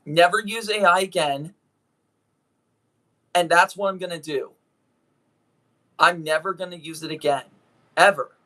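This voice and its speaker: Talking directly to viewers, a YouTube voice actor makes an apology video, his sincere words coming haltingly as he keeps restarting sentences. The voice is mid-range and sharp in tone.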